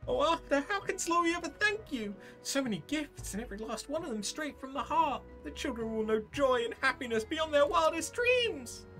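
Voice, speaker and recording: A woman's voice: fairly low pitch, sing-song, moderate pace, soft background music, voice pushed up. A woman voicing a sweet, chirpy young shopkeeper, reading game dialogue aloud in a sing-song way.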